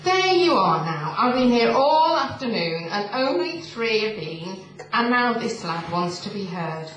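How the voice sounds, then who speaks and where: A man's voice: high-pitched, very animated, a little slow, a bit bright, a little hiss or hum, exaggerated voice. A woman voicing an old, kind, tired priest who mutters his complaints in a put-upon way, in an echoey hall with a distant mic and a murmuring crowd. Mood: weary. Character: old kindly weary male priest.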